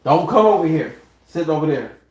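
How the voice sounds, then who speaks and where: Guy in his 30s talking on a livestream, high voice, cussing and joking, echoey room. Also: fairly quick. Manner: animated, profane, joking. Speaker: livestream host. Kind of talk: casual livestream talk.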